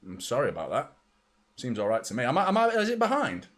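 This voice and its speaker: A young man excitedly chatting through a live football watchalong, reacting to the match and greeting viewers by name. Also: medium pitch, fast talker.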